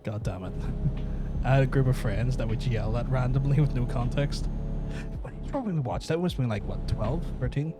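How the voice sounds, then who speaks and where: A man's voice: mid-range voice, fairly quick, music in the background. A man hosting a podcast, chatting casually over gameplay with crude, teasing jokes. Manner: crude, teasing banter with mock voices. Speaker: podcast host.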